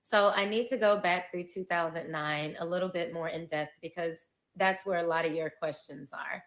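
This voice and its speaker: Woman, somewhat low voice, candid vlogger recounting her own life, emotional, cursing, nervous laughter. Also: fairly even intonation, normal speed. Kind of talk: candid personal storytelling.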